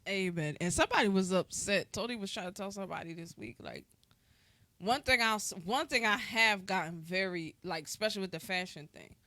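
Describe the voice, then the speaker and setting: A woman co-hosting a podcast, talking in an animated, rambling way and laughing often. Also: medium pitch, brisk, no echo. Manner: animated, laughs often, talks in run-on asides. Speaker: podcast co-host. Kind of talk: casual chat.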